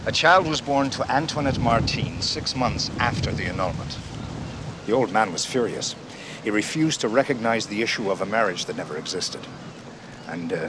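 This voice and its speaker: A man's voice: fairly low pitch, close to an everyday voice. An actor playing a suave, secretive male agent with a sly, teasing way of talking, in a television drama. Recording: noisy TV soundtrack.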